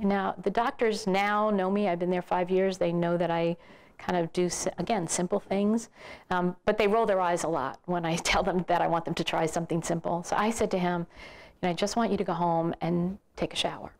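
A middle-aged woman telling a story in a talk, animated and laughing often. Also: lowish voice, gravelly. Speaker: physician support director.

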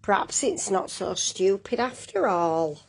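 A woman's voice: mid-range voice, expressive, a little slow, creaky, slight background noise. A woman voicing a grumpy old female house cat who grumbles indignantly. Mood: grumbling.

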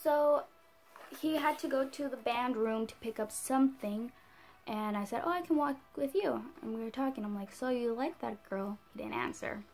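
A teenage girl telling a storytime in a chatty, animated way, full of "like" and "whatever". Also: a little high, normal speed. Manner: chatty, animated, heavy use of "like". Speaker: vlogger. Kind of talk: casual storytime.

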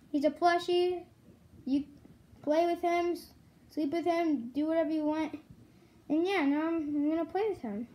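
A woman's voice: sits high, a little mellow. A young woman giving a casual toy review, chatty and full of "like" and "um". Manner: chatty, lots of "like" and "um".

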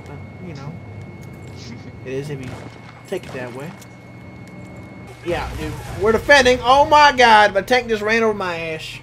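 A man ranting and swearing through online gameplay with friends, breaking into loud angry shouts. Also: on the high side, background noise. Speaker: gamer.

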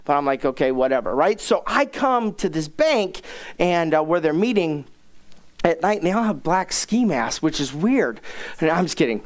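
A middle-aged man, a pastor, telling a humorous personal story in a sermon, self-mocking and acting out the people he quotes. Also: a little high. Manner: animated, self-mocking, acts out quoted dialogue.

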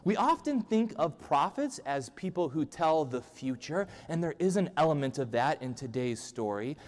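Pastor preaching in a reverberant church. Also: male voice, a little high. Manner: humorous, conversational preaching. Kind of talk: sermon. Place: church sanctuary. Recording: long church-hall reverb.

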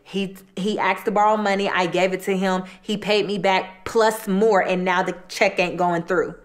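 A woman's voice: mid-range voice, steady tone, normal speed. Chatty woman retelling a true-crime story. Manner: colloquial, chatty, repeats phrases. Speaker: host.

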